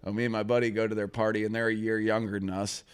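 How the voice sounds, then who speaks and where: A man's voice: on the low side, little pitch movement, quick pace, smooth. A man in casual podcast chat, telling a rambling, profane story and laughing often as he goes. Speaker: podcast co-host.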